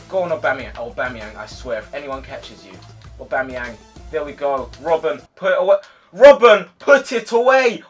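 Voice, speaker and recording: Excitable young man narrating gameplay. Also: mid-range voice. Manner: excitable, shouts at players, swings to frustrated sighs. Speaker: gaming YouTuber. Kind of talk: live gameplay commentary.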